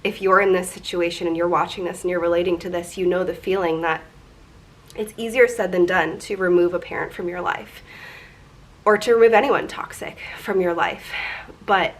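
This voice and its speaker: A woman's voice: on the low side, fairly even intonation, moderate pace. Emotional woman in her twenties, candid. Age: 20s. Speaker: vlogger. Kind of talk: personal confessional vlog.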